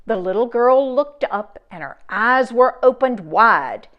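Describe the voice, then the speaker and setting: A woman reading a rhyming storybook aloud in an expressive, sing-song way. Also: a little high, unhurried, muffled recording.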